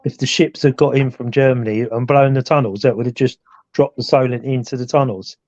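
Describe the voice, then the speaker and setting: A man's voice: mid-range voice, fairly even intonation, fairly quick, a little mellow, dry recording, dull audio. A man in casual chat, asking short curious follow-up questions as co-host.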